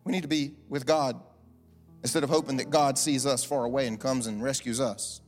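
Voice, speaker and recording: A man's voice: medium pitch, steady tone, fairly quick. A man delivering a sermon as a pastor, conversational and humorous, with chatty asides and restarts. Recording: echoing large hall, faint music.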